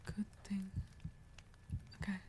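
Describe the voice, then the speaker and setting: A woman hosting a whispered ASMR livestream, her voice very dark and mellow. She speaks slowly and softly into a close mic, chatting with viewers over faint background noise. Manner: soft whispering, greets viewers and answers chat; drops into a relaxed lower voice. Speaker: livestream host.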